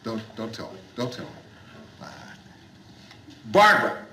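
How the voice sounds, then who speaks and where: An actor playing a gruff middle-aged bar owner who forces himself to be hearty and jovial, repeating his greetings in a 1970s studio sitcom. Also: medium pitch, big pitch swings, a little slow, sharp tone, low-quality recording. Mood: forced cheer. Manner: overly hearty, repetitive greetings. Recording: hissy old TV soundtrack.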